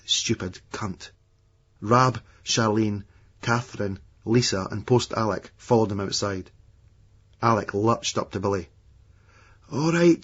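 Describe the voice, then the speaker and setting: A man reading a novel aloud as a narrator, in a measured, matter-of-fact way. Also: lowish voice, a bit bright, husky. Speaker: audiobook narrator. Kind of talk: scripted narration. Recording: dull lo-fi remastered audiobook.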